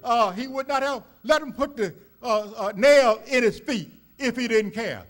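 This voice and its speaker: A man's voice: very high voice, normal speed. A man preaching a sermon as a minister, telling stories in a folksy way with many fillers and rising emphasis. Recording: church service recording.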